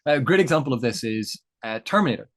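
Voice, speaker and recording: A man's voice: mid-range voice, expressive, quick pace. A man who is the guest of an interview, talking in a thoughtful, lecturing way and building each point with examples. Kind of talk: explanatory interview chat.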